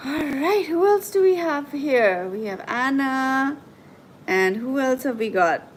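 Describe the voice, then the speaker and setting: A woman hosting a live tarot and coaching stream, talking gently and reassuringly to her viewers as she reads their comments. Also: sits high, animated, slight background noise, poor audio. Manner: soothing, reassuring, slow and gentle.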